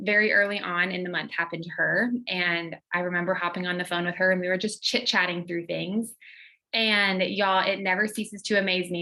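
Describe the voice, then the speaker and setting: A woman's voice: fairly low pitch, rough recording. A woman hosting a team call, encouraging and chatty as she introduces a guest. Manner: warm, encouraging, uses y'all. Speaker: host. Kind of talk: casual chat.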